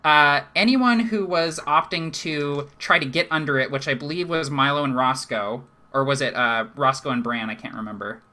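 A man's voice: fairly high pitch, normal speed, hardly any pauses, bright, forceful tone. A man narrating a live tabletop game as game master, chatty and laughing often, with lots of fillers.

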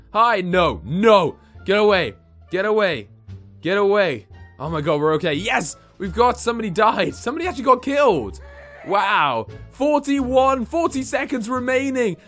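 A man from England giving excitable let's-play commentary, shouting and squealing whenever he is in danger. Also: sits high. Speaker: gaming YouTuber.

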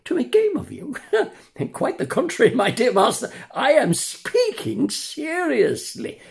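Storybook casting: a high, cheeky puppet boy, put on by an older man, gravelly edges, mischievous lilt. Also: wildly swooping pitch, measured pace, full character voice. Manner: mischievous, sing-song. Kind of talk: storybook reading.

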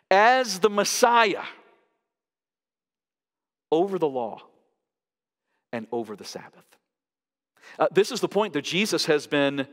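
A man preaching a sermon as pastor, emphatic, pushing his pitch up sharply to stress each point. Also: fairly bright tone. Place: large church sanctuary. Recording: long hall reverb.

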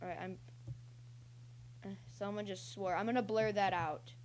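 Young woman, gameplay commentary, excitable, yelping and cheering, rambling, faint hum. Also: mid-range voice, normal speed. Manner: excitable, yelps and cheers mid-game, rambling. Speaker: gaming channel host.

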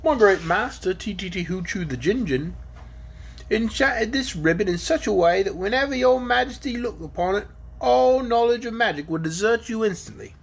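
A man voicing a stern, crafty dragon messenger in a storybook, speaking slowly and gruffly. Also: high-pitched, lively intonation, pitched above the performer's own voice, full character voice.

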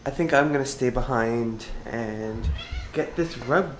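Man, 30s, daily family vlogger; casual and chatty on a camera mic, steady hum of background noise behind him. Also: mid-range voice, unhurried. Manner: chatty, upbeat, thinks out loud. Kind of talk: casual vlog talk to camera.

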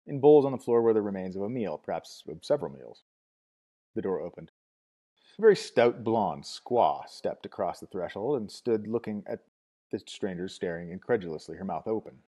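A man reading a novel aloud as narrator, at a steady measured pace with small restarts. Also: fairly low pitch, breathy edge. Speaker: audiobook narrator.

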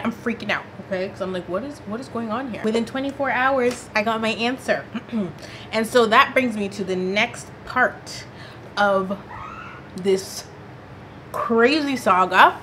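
A woman vlogger telling a personal story in a lively, dramatic storytime style, with casual slang. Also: mid-range voice, slight background noise. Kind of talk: storytime vlog.

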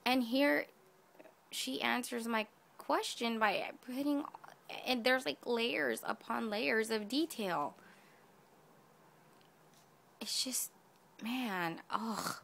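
A woman's voice: fairly high pitch, slow, gravelly, pauses often, fairly bright tone. A woman craft vlogger gushing over gifts in a casual unboxing video, addressing her viewers directly. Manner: gushing, effusive, talks to viewers.

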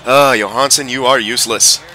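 A young man giving excitable, swearing live commentary while playing a video game. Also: mid-range voice, fairly quick. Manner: excitable, swears and yells at players. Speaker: gameplay commentator.

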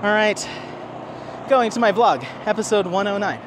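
A man's voice: high voice, normal speed, noisy background. Rambling man chatting on a dog walk. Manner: rambling, self-deprecating, laughs often. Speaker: crafting vlogger. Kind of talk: casual chat to camera. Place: outdoors on a neighborhood dog walk.

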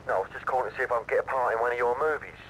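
A chirpy English small-time crook, played by an actor in a video game. He talks fast and breezy with wisecracks. Faint noise sits underneath. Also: medium pitch, fairly bright tone, lightly acted, rough recording. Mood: cheeky. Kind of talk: video game cutscene voice acting.

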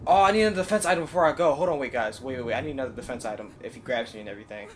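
A young man hosting a gaming channel, giving excitable running commentary to his viewers as he plays, often bursting into high-pitched yelling. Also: rapid-fire, a little hiss or hum. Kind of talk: live game commentary.

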